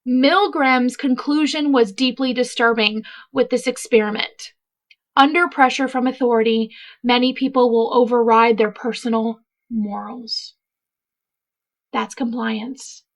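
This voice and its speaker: A woman's voice: fairly high pitch, fairly even intonation, a little slow. A woman hosting a casual true-crime commentary, chatty and emphatic, wandering off into asides. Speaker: host.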